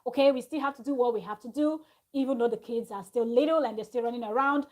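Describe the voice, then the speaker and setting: A woman with a slightly high voice recaps a reality-show episode in a loose, chatty way. She retells the arguments with animation, like a vlogger talking straight to her audience from home. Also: quick pace, darkish tone. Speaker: reality TV review host. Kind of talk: casual gossip recap to camera. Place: at home with her small child nearby.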